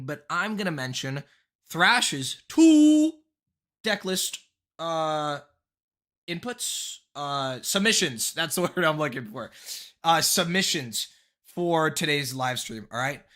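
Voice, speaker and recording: Young male streamer, excitable and rambling, bright pushy tone, pitched a bit high. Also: takes it slowly. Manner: excitable, swearing, rambling with restarts and laughs. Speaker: streamer reviewing viewer decks. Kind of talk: casual live stream chat. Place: his bedroom.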